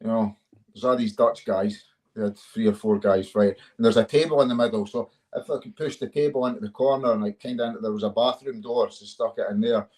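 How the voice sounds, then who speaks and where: Scottish male fighter as interview guest, lowish voice, loose and profane storyteller. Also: fairly even intonation, a little fast, darkish tone. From Scotland. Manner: swears freely, chuckles through his stories. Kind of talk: casual storytelling chat.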